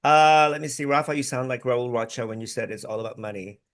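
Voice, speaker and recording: A man's voice: medium pitch, fast. A man hosting a casual group video chat, chatty and reading out viewer comments. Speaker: livestream host. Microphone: video call.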